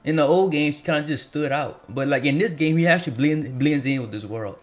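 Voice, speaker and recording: A man's voice: fairly high pitch, brisk, faint music behind. A man hosting a gaming channel, delivering an exasperated, profane rant over gameplay footage, repeating himself and cursing heavily. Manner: exasperated, repetitive, heavy cursing.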